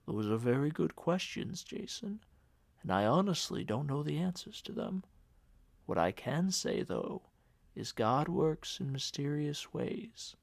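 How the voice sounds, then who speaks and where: A man voicing a cold, pious middle-aged uncle who murmurs slowly and solemnly. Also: big pitch swings, creaky, dry recording, heavily acted. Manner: low, murmuring, slow and heavy.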